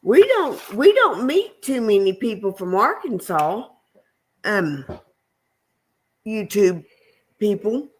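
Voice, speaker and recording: A woman co-hosting a homestead livestream, chatting casually and easygoing with many pauses and fillers. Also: mid-range voice, big pitch swings, husky. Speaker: homestead channel co-host.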